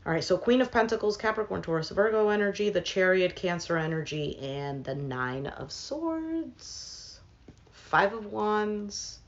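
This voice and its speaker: A woman's voice: medium pitch, expressive, a little slow. Lo-fi woman giving a casual tarot reading. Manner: thinks aloud with fillers, speaks to viewers as "some of you". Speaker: tarot reader.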